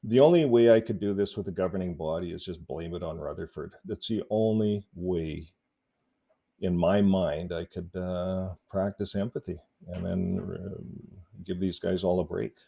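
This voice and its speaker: A man talking casually to camera in a relaxed, rambling vlog, often chuckling between points. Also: low voice, normal speed, creaky, husky. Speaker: YouTube activist vlogger.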